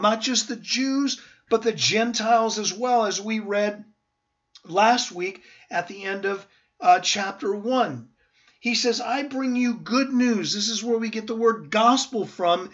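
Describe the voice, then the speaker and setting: A man's voice: sits high, measured pace, a bit bright, highs cut off. A man pastor teaching a verse-by-verse Bible sermon, earnest and emphatic, with rhetorical questions to his listeners.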